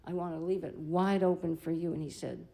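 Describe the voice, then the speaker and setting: An older woman, a blues singer and guitarist, telling an animated, chatty story between songs on a live-stream stage, laughing easily. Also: on the low side, brisk, low-quality recording.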